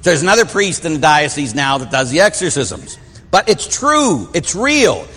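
A man's voice: on the high side, big pitch swings, normal speed, sharp tone, slightly rough, soft background music. A middle-aged man, a Catholic priest from Pittsburgh, preaching in a folksy storytelling way and acting out the voices in his tales. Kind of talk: sermon with personal stories. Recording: long hall reverb.

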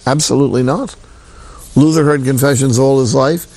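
An older man, a priest, preaching a sermon in a slow, folksy, emphatic way and quoting scripture. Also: mid-range voice, fairly even intonation, darkish tone, no echo.

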